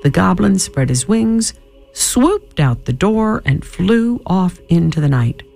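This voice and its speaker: A man reading a children's storybook aloud, with expressive, dramatic storytelling. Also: high-pitched, slow, vocal fry, soft background music.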